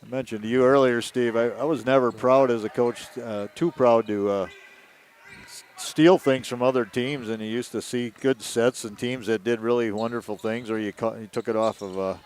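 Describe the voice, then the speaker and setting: A man's voice: mid-range voice, steady tone, moderate pace, a little mellow, slight background noise. A man who was once a coach, giving color commentary on a basketball game, rambling with restarts. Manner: rambling with many restarts and stumbles.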